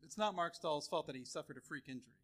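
Quick male sports writer. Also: fairly high pitch, fairly bright tone. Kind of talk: live podcast banter.

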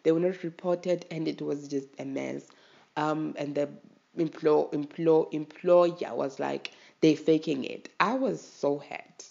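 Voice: medium pitch, fairly even intonation, measured pace, creaky, a little mellow, dull audio. A podcast host with a South African accent, talking in an emotional, impassioned way and urging listeners to do better. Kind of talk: casual podcast monologue.

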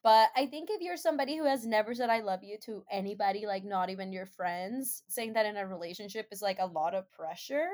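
A young woman chatting casually, animated and laughing often, with lots of filler words. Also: medium pitch, brisk, hardly any pauses. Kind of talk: casual chat.

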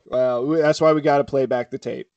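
A man's voice: mid-range voice, fairly even intonation, fairly quick, a little mellow, dull audio. A man hosting a casual podcast, teasing his co-hosts and laughing often as he steers toward the news. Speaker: podcast host leading the segments.

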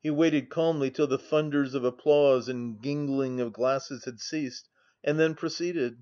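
A man's voice: medium pitch, measured pace, dark tone, highs cut off. Man reading a classic novel aloud. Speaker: audiobook narrator. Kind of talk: scripted narration of a novel.

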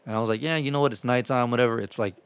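A man's voice: mid-range voice, very fast, clean tone, no echo. A man telling rambling, profane stories about his delivery driving in a casual chat. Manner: profane, rambling, animated retelling.

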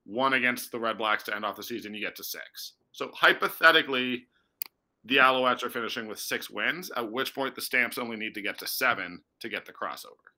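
A man's voice: mid-range voice, a little fast, pushed and bright, low-quality recording. A man who works as a sports reporter, chatting casually about football and thinking aloud with fillers and restarts.

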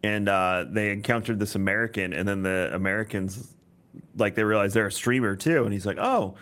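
A man's voice: on the low side, a little fast. A man co-hosting a podcast, chatting casually and rambling through stories. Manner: relaxed, rambling storyteller. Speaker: podcast co-host. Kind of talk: casual chat.

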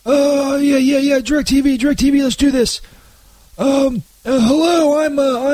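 Really high-pitched guy stammering thru a comedy skit, lots of um and uh, swears a ton, super dry close sound. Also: fairly even intonation, dark tone, no echo. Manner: halting, stumbling over words, profane. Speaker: comedy show regular playing Saint Peter. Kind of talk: comedy sketch.

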